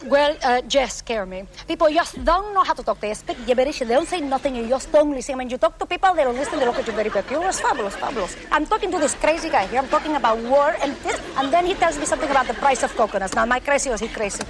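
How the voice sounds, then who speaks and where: An actress playing a hot-tempered, combative talk-show guest with a Latin American Spanish accent. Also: female voice, high voice, lively intonation, noisy background. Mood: indignant. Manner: quick, combative, threatening. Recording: TV show with studio crowd.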